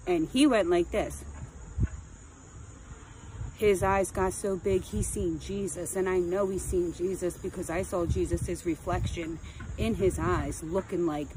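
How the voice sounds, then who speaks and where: A woman telling a crude, comic personal story in an animated, casual way into a phone. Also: lowish voice, takes it slowly, background noise.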